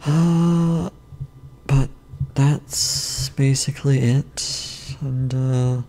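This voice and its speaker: A man casually rambling through a food review and a story from his day, unhurried and often correcting himself. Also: mid-range voice, gravelly, warm tone, slight background noise. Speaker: vlogger.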